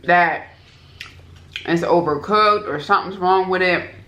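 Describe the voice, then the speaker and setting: A woman's voice: lowish voice, a little slow. Chatty woman eating on camera, echoey room. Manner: warm, chatty, talks to viewers as "y'all". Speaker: mukbang host. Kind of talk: casual chat while eating. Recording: echoey room with faint noise.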